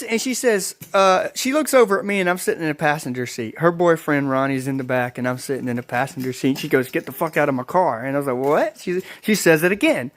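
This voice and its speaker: A man's voice: high voice, fairly bright tone. A man vlogger telling a casual storytime, rambling and profane, repeatedly addressing his viewers.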